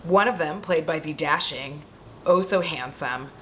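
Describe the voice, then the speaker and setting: A woman's voice: deep voice, measured pace, slight background noise. A young woman casually retelling a horror movie at home, acting out the screams and lines as she goes. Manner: animated, acts out scenes and screams.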